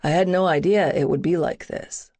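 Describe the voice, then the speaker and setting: A woman's voice: sits low, moderate pace, mellow. A woman voicing a confident, protective young male soldier in an audiobook, with a dry, teasing way of talking.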